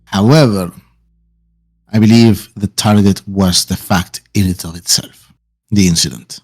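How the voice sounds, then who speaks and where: A man voicing a measured, calculating male mentor figure who lays out plans deliberately. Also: low-pitched, breathy edge, heavily acted. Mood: grave. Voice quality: calm, deliberate delivery. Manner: explains plans slowly and carefully.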